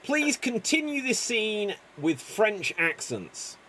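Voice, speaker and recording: Lively male improv show host. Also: sits high, slow, a little hiss or hum. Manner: announcing, explaining game rules. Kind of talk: live stage hosting, giving prompts. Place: live theater stage.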